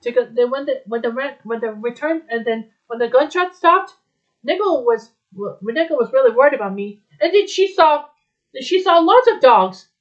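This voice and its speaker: A woman retelling a story aloud in a rambling, halting way, with many restarts. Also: high-pitched, lively intonation. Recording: dull lo-fi recording.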